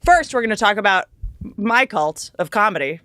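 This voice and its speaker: A woman's voice: medium pitch, expressive, moderate pace, sharp tone, no echo, clean studio sound. A woman hosting a podcast, chatting casually and playfully and often breaking into laughter. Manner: playful, jokey, bursts into laughs. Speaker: podcast host. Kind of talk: casual chat.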